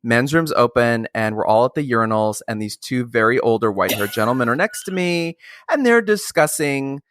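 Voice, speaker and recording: A male podcast host telling a funny story in casual chat, animated, swearing freely and laughing along. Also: medium pitch, moderate pace, dry recording, studio quality.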